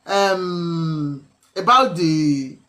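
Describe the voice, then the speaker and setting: A woman with a Nigerian accent giving emotional video commentary, pleading and at times shouting. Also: lowish voice, extremely slow. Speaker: online commentator.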